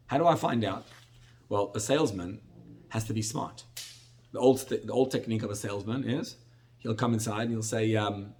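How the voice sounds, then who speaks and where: A man's voice: mid-range voice, normal speed, darkish tone. A middle-aged man, a rabbi, giving a conversational sermon-style Torah class, often restarting his phrases and acting out little dialogues. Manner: conversational, repetitive restarts, acts out salesman dialogue.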